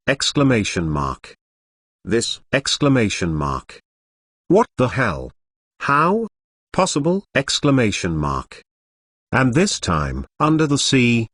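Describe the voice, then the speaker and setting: A man's voice: medium pitch, a bit bright, dry recording, studio quality. Synthetic male audiobook narrator, stilted cadence. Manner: reads punctuation marks aloud in a stilted machine cadence.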